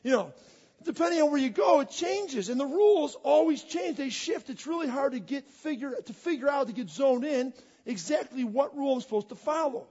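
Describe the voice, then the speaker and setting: A man preaching a sermon as a pastor, leading a prayer and then telling joking, animated stories. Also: very high-pitched, fairly quick, muffled recording.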